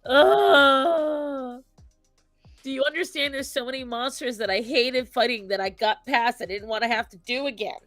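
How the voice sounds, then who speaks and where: A woman streamer chatting casually about games, animated and dramatic, laughing and swearing often. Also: a little high, a little fast, hardly any pauses, faint music behind. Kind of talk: casual gaming chat.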